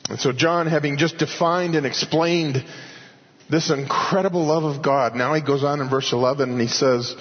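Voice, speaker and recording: A man preaching an expository sermon in earnest, slowing down and rising in pitch to stress key points. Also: slightly rough. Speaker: pastor. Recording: dull audio with long hall reverb.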